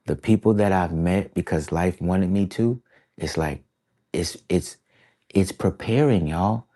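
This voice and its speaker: A man with a fairly low voice speaks casually to camera as an artist sharing his thoughts. He rambles and reflects, drops slang like "bruh" and "y'all" throughout, and circles back on his ideas. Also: a little slow, warm tone. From East Coast of the United States. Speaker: artist vlogger.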